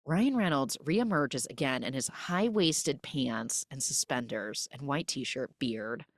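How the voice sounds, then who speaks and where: A woman hosting a comic film recap podcast, animated and quick to jump into character voices. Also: very deep voice, dry recording, clean studio sound. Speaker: podcast host.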